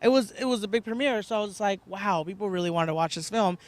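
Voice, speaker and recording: Young male actor as interview guest, high voice, rapid and lively delivery. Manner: animated, laughs often, acts out quotes. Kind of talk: casual interview chat.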